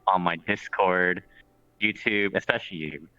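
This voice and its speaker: A man's voice: sits low, unhurried, bright, forceful tone, clean tone, no room sound. A man hosting an interview show, chatting casually and joking with his guest. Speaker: host. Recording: dull lo-fi mic with faint music.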